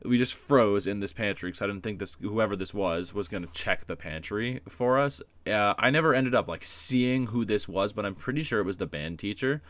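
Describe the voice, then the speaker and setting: Rambling low-voiced man telling a story. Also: normal speed, few pauses, fairly bright tone, no room sound. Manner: rambling, filler-heavy, profane, self-deprecating. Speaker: YouTuber. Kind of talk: casual storytime vlog.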